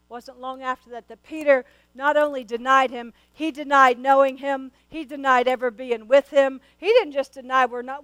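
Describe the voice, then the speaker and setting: A woman preacher with a strikingly high voice delivers an earnest sermon. She questions her listeners directly and often restarts her phrases with stammers. The sound is close and dry. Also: a bit bright, clean tone, no room sound, low-quality recording.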